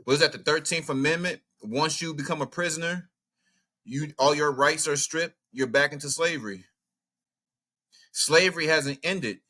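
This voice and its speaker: A man with a slightly high voice, speaking at normal speed, hosts a commentary channel with casual, outspoken reactions. He's animated, thinking aloud as he browses maps and texts, looks things up, and reads passages.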